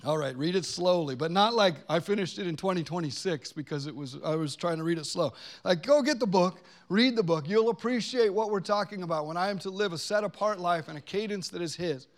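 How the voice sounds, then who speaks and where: Conversational male pastor preaching. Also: high voice. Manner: conversational, joking with the congregation, slows down for weighty lines. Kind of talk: sermon. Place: church gathering with a congregation present.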